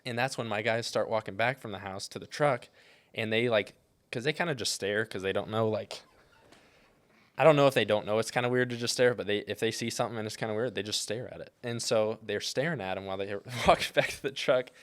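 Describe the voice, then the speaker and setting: A man's voice: fairly low pitch, brisk, a bit bright. A young man co-hosting a podcast, telling rambling stories in casual chat and filling them with "like". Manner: rambling storyteller, heavy use of "like". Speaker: podcast co-host.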